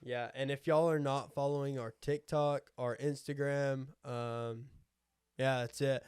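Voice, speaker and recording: A young man co-hosting a podcast, easygoing and halting with fillers. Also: medium pitch, fairly even intonation, a little mellow, clear, resonant tone, no room sound, clean studio sound. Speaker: podcast co-host. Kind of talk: casual chat.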